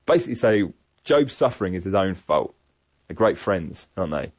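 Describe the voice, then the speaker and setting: A man giving a sermon-style Bible teaching in an earnest, measured, reflective way. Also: deep voice, sing-song, dry recording, dull audio. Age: adult parent. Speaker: preacher.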